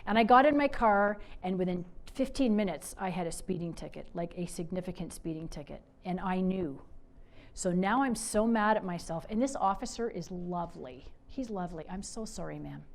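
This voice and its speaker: A middle-aged woman from Canada giving a motivational talk, telling stories with animated swings from loud to soft. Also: fairly low pitch, normal speed. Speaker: speaker.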